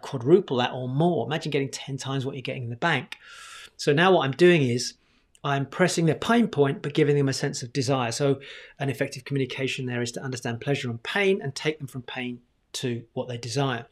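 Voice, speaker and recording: A man teaching communication strategies in a conversational talking-head video, often asking himself rhetorical questions. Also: medium pitch. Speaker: communication coach.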